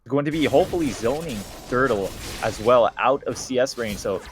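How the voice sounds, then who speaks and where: A man's voice: medium pitch, expressive, a little fast, faint music behind. A man giving casual color commentary on an esports match, laid-back and jokey, laughing often.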